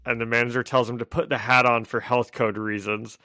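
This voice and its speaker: Recorded dry with clean studio sound, this man speaks at medium pitch in a level tone, a little fast and sharp. As a podcast co-host chatting casually about comic books, he recaps scenes at length and laughs frequently.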